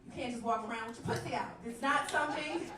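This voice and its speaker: A woman's voice: a little high, fast talker, background noise. A young woman doing a crude, brash stand-up comedy set on a club stage, often laughing through her lines. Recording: echoey club from far off, crowd. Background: audience laughter.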